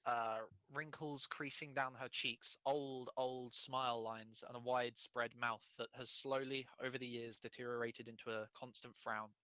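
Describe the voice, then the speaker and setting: A man narrating as game master, quick and descriptive with fillers. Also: medium pitch, flat delivery, pushed and bright, smooth, no echo, rough recording.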